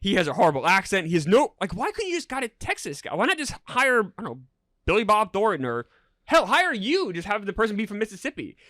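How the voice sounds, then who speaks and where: A man co-hosting a casual movie review chat, a lively storyteller who shares trivia. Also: sits high, quick pace, no echo, studio quality. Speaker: podcast co-host.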